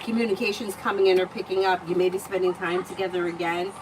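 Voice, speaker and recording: A woman's voice: lowish voice, little pitch movement, quick pace, noisy background. A woman livestreaming as a tarot reader, telling stories in a chatty way, laughing often and swearing freely. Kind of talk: casual storytelling and tarot reading.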